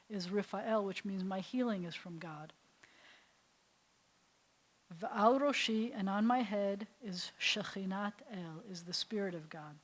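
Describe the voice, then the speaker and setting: Woman rabbi teaching a prayer class. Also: medium pitch. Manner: recites Hebrew prayers slowly, then translates phrase by phrase. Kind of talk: adult education class on prayer.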